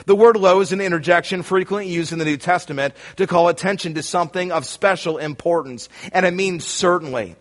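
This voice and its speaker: A man preaching a sermon, emphatic and rising to shouts on key lines, speaking straight to his listeners. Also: sits high, fairly quick, few pauses. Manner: addresses listeners directly.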